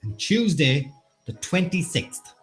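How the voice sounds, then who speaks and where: A man's voice: fairly high pitch, big pitch swings, slow pace, soft background music. A man with an Irish accent co-hosting a casual online quiz, bantering and reading out the chat. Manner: joking, bantering, reads chat aloud. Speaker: quiz co-host.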